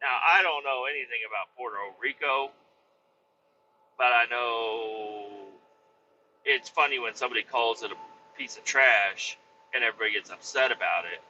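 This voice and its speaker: A man's voice: fairly low pitch, bright, forceful tone, a little hiss or hum. A man hosting a comedy podcast, rambling through a crude, profane monologue. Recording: slightly muffled lo-fi recording.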